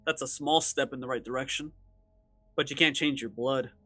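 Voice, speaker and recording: A man voicing a calm, wry immortal man who sounds resigned to his fate, speaking low-key and dry. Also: moderate pace, soft background music.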